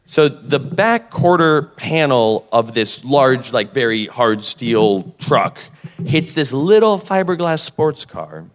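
A man co-hosting a live podcast, telling a story in a lively, animated way. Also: medium pitch, slow pace. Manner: animated, acts out both sides of quoted exchanges. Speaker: podcast co-host. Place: convention stage with long reverb. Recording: live hall reverb.

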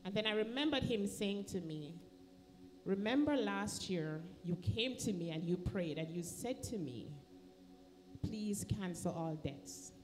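In a church sanctuary, a woman with a Jamaican accent gives an emotional personal testimony, acting out the voices of people in her story. Her mid-range voice has lively intonation and a measured pace, with slight background noise.

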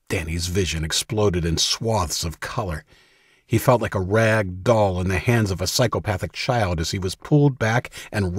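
A man reading a thriller audiobook in steady, measured scripted narration. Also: fairly low pitch, breathy edge, no room sound, clean studio sound.

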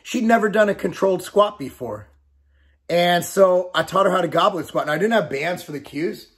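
Speaking directly to the camera in a laid-back vlog, this man in his 40s, a bodybuilder who owns a fitness company, is blunt and forceful, cursing and hammering the same points again. His high voice is animated and moves at a moderate pace.

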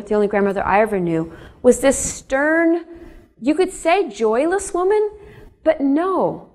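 A middle-aged woman author giving a lecture, telling family stories in a chatty way and often turning to the audience with asides. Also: on the high side. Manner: chatty, addresses audience directly, animated asides. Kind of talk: public lecture, storytelling.

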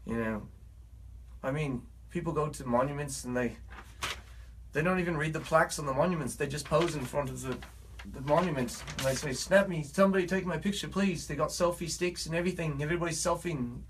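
A man's voice: fairly high pitch, a little fast, a bit bright, slight background noise. A man with a put-on British accent, a musician talking in a rambling, earnest and preachy vlog monologue.

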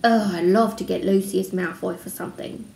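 A woman reading aloud voicing an excitable, balding middle-aged wizard father. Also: medium pitch, moderate pace, vocal fry, natural voice. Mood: grim. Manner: eager, excitable. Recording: roomy room, faint background noise.

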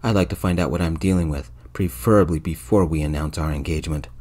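A man voicing a stern, controlling rich older man in a soft-spoken ASMR storytelling reading, cold and domineering. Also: a bass voice, quick pace.

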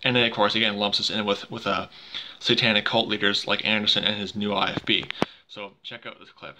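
A man's voice: on the low side, flat delivery, fast, noisy background. A man hosting a commentary vlog, arguing dismissively and stumbling over repeated words. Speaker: channel host and commentator.

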